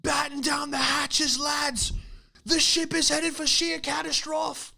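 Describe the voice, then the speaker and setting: A bellowing old sea captain. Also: male voice, very high-pitched, flat delivery, takes it slowly, creaky, bright, forceful tone, pitched above the performer's own voice, full character voice. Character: gruff shouting male sea captain.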